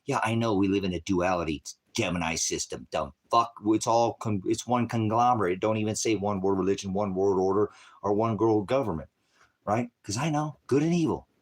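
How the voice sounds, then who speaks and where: A man preaching in a rambling, combative rant, swearing heavily, lurching from shouted bursts to low mutters. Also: brisk. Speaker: independent ministry preacher. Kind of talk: profane religious rant.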